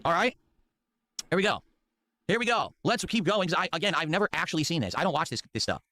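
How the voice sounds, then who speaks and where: A man's voice: a little high, fast talker, dry recording, studio quality. A man hosting a commentary show, reacting to clips in a mocking, rambling way. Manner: mocking, animated, rambling asides. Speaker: commentary channel host.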